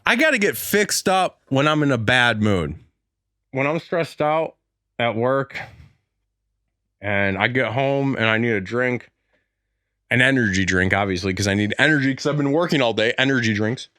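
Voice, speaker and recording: Bright, animated comedy podcast host. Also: male voice, medium pitch, moderate pace, no echo, studio quality. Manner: rambling, jokey, mock-salesman.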